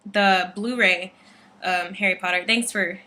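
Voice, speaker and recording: A young woman of nineteen chats through a casual video diary, jumping from topic to topic with plenty of "like" and "um". Her voice is bright and clear, picked up by a simple computer webcam mic. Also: mid-range voice, steady tone, unhurried. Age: late teens. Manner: rambly, frazzled, full of "like" and "um". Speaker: vlogger. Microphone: built-in computer webcam mic.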